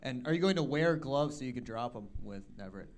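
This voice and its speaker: A man's voice: medium pitch, lively intonation, fast. Joking man host reading fan questions. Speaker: show host. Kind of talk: casual chat.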